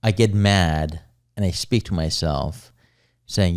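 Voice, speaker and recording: A man's voice: low voice, takes it slowly, smooth. A man co-hosting a podcast, speaking bluntly with a lot of swearing. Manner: blunt, profane, self-critical. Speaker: podcast co-host. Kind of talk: casual chat.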